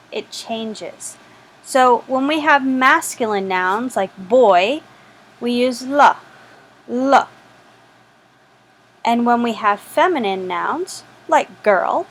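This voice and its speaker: A woman's voice: a little high, a bit bright, rough recording. A woman teaching a French lesson, patiently repeating each word for practice. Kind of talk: slow spoken language lesson.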